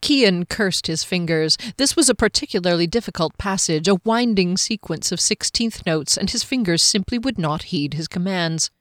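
A woman narrating a fantasy novel in a measured, expressive storytelling voice on a close mic. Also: lowish voice, no room sound. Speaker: audiobook narrator.

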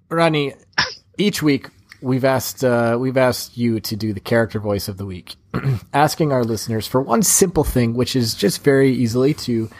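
A man's voice: medium pitch, lively intonation, moderate pace, a little mellow, no echo. A man hosting a casual podcast, teasing his co-hosts and steering the segments. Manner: teasing, runs the show segments. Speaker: podcast host.

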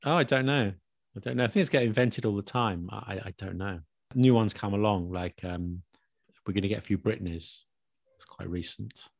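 Male host, lowish voice, easy explanatory chat, dry close recording. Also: normal speed, vocal fry, no echo. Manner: explains slang patiently, friendly quizzing. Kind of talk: casual chat.

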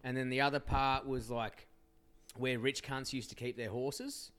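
A man's voice: mid-range voice, fairly even intonation, unhurried, fairly bright tone. Profane Australian man telling stories. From Perth, Western Australia. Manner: profane, rambling storyteller. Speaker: podcast guest. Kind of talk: casual chat.

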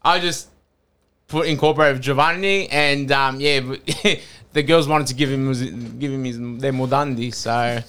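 A man's voice: medium pitch, fairly even intonation, a little slow, bright, forceful tone, clean tone. An Australian man chatting casually as a podcast guest, rambling and laughing often, restarting his sentences.

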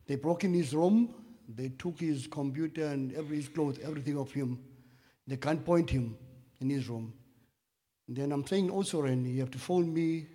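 A man sharing a personal testimony in church, halting with many restarts and fillers, rising to loud emphatic bursts. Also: a little high. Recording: echoey hall with long reverb.

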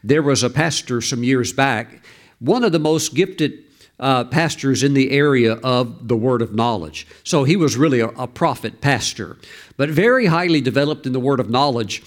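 A man, a pastor, preaching a sermon and telling a story in an animated way, with fillers and restarts, his voice rising at the dramatic moments. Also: mid-range voice, moderate pace.

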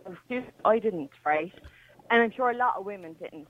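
A woman's voice: mid-range voice, animated, normal speed. Fiery Irish woman on a phone line. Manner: fiery, indignant. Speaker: caller. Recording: tinny distant phone line.

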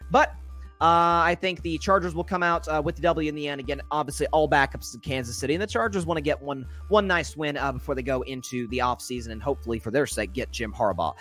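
A man's voice: fairly high pitch, fast, fairly bright tone, soft background music. A man hosting a solo sports podcast, rambling through his game picks with many fillers and self-corrections.

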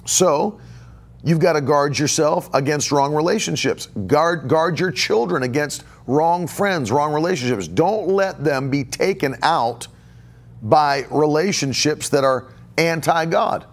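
A man's voice: on the high side, unhurried. A middle-aged male pastor preaching on a podcast in a slightly raised voice. He hammers home each point by repeating it, and he stops to take questions from listeners. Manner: emphatic, repeats phrases for stress; takes viewer questions live. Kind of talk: podcast sermon.

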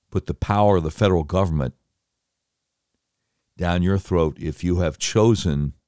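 A man's voice: sits low, a little mellow, dry recording, clean studio sound. A man commenting on politics, reading through a list with indignant, sarcastic remarks.

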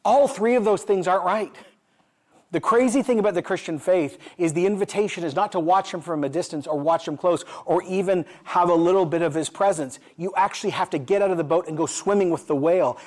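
A man's voice: high voice, darkish tone. A middle-aged man preaching a sermon, asking his listeners questions and telling a story, building to emphatic peaks. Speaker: pastor.

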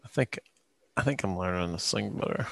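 A man co-hosting a casual truck podcast over a video call, laid-back and quick to laugh. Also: low voice, vocal fry, no echo. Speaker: podcast co-host. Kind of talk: casual chat.

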